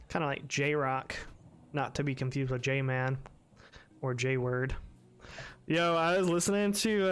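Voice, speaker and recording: A man's voice: on the high side, clear, resonant tone. A man streaming a game live, chatting loosely and rambling, swearing freely. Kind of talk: casual live-stream chat.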